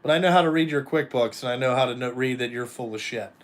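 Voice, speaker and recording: A man's voice: medium pitch, fast. A man talking bluntly and casually to viewers, swearing often and rambling between topics. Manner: blunt, profane, rambling, addresses viewers directly. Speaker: trucking company owner and vlogger. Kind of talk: casual live chat.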